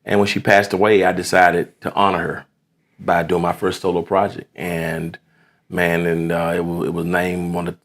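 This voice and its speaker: A pastor being interviewed, a man with a very low voice full of gravelly fry. He speaks earnestly, and his sentences often take on the rhythm of a sermon. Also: completely flat delivery, normal speed, a bit bright. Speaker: pastor and guest. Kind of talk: casual interview chat.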